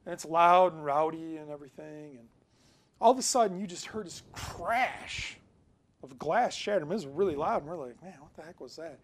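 A man preaching a sermon in a casual, conversational way, telling a personal story and swinging between loud emphasis and quiet asides. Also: a little high, animated, moderate pace. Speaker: pastor.

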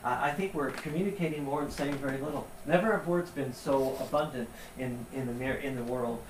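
A man preaching a sermon in a conversational, animated storytelling way. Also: medium pitch, a little fast, background noise. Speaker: pastor. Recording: roomy sound from a distance.

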